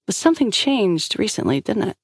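A calm, shrewd woman agent who probes with measured questions, voiced by a woman reading a story. Her voice sits higher than the narration, slightly gravelly. The recording is dry and close. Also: no echo. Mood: probing.

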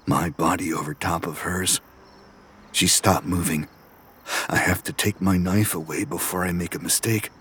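A man narrating a first-person story in a slow, low, menacing way, sometimes dropping to a whisper. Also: steady tone, a bit bright, faint music behind. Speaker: audiobook narrator.

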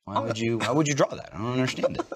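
A young man co-hosting a podcast in casual chat, animated and mocking, tossing off quips in silly voices. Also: medium pitch, very fast. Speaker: podcast co-host.

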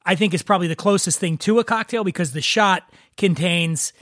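A chatty man with a high voice hosts a casual podcast, telling jokes and stumbling over quick restarts. His voice is dry and close, with no room sound around it. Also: fairly bright tone, no echo. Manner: chatty, stammering restarts, laughs at own jokes. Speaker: podcast host. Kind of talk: casual chat, joke telling.

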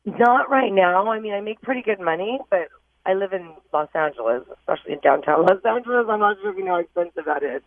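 A woman's voice: medium pitch, expressive, quick pace, no echo. A woman calling in to a radio advice show, explaining her problem somewhat hesitantly. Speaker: caller. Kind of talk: call-in radio conversation. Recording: tinny phone line.

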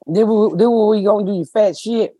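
Woman host, blunt crude roaster, husky voice, chats with her mouth full. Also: medium pitch, darkish tone, no echo. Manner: talks while eating. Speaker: podcast host. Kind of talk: casual comedy podcast chat.

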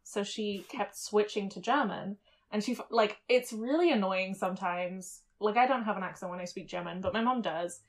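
A woman's voice: mid-range voice, normal speed. A woman co-hosting a podcast in casual chat, talking with lots of fillers and frequent laughter. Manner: chatty, laughs often, many fillers. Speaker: podcast co-host. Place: Germany.

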